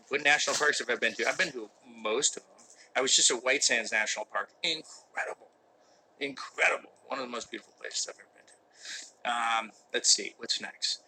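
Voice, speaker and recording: Middle-aged man, casual live Q&A, mock-serious humor, very bright edgy tone. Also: mid-range voice, slight background noise, low-quality recording. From United States. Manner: reads fan questions aloud, joking and mock-serious. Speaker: actor hosting a live Q&A. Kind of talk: casual live-stream chat. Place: indoor room with a window that does not open.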